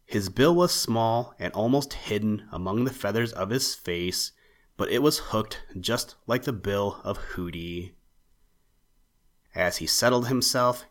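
A man with a fairly low voice reads a children's animal tale aloud. His narration is steady and even, in a classic storybook manner.

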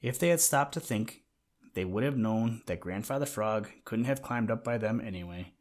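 A man gently reading a children's animal story aloud in a measured way. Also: lowish voice, animated. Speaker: narrator.

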